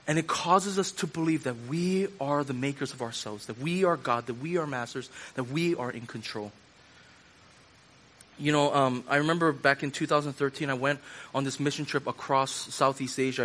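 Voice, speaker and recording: A man's voice: medium pitch, fairly bright tone. A man preaching a sermon in a loose conversational way, repeating phrases for emphasis and using casual fillers. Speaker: pastor.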